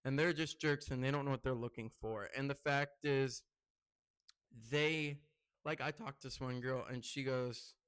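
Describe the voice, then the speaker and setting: A man's voice: medium pitch, steady tone, a little slow, a bit bright, clear, resonant tone. A young man talking casually to his camera as a content creator, rambling and getting heated, with lots of "like" fillers. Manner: rambling and heated, heavy use of "like". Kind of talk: casual vlog rant to camera.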